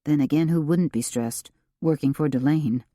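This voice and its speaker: A woman narrating an audiobook in an expressive storytelling manner. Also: low-pitched, normal speed, no echo, studio quality. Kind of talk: scripted narration.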